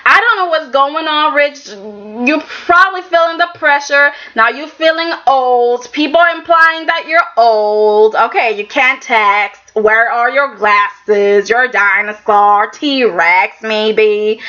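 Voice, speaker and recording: A woman with a fairly high, bright and forceful voice talks casually and animatedly through an episode review, sprinkling in filler words and reactions. The recording sounds dull and lo-fi. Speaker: soap opera episode reviewer.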